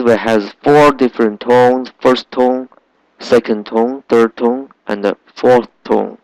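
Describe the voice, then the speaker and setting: Male language teacher, unhurried, patient, drills sounds over and over, dry close sound. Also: mid-range voice, smooth, no echo, rough recording. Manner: slow, patient, repeats sounds in drills with many fillers. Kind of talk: language lesson.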